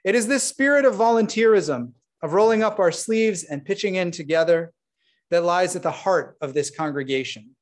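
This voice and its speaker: A man with a notably high voice delivers a rabbi's installation sermon. He speaks earnestly and warmly to his congregation. He breaks off now and then for friendly asides. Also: moderate pace. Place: synagogue sanctuary.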